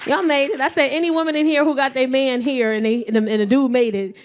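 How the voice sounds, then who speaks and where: A middle-aged woman works a comedy club stage with a high, bright voice. She tells blunt, profane stories on a handheld mic and laughs often as she goes. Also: fairly even intonation, fast, slight background noise. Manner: brash, profane storytelling with frequent laughter. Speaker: stand-up comedian. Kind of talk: stand-up comedy set. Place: comedy club stage before a live audience.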